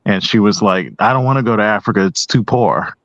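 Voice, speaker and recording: A man speaking as a guest on a panel discussion, hesitant with many pauses and restarts. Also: on the low side, lively intonation, fairly bright tone, no room sound, dull audio.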